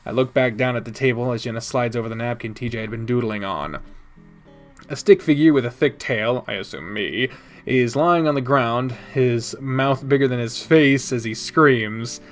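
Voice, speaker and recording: A man's voice: medium pitch, moderate pace. A man streaming a visual novel, reading its text aloud and chatting casually with viewers, now and then swearing, with faint music behind him. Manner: casual, swears, chats with viewers between read lines.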